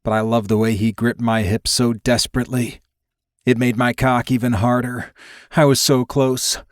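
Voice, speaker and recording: A man of middle pitch narrates a first-person romance audiobook, steady and intimate. The sound is very dry and close to the mic. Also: normal speed, no room sound.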